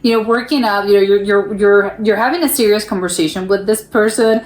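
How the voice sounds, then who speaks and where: A woman's voice: mid-range voice, brisk, darkish tone. Chatty American woman in an echoey room. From United States. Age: young adult. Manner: chatty, many restarts, frequent laughter. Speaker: reaction video host. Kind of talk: casual reaction commentary. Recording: roomy echo.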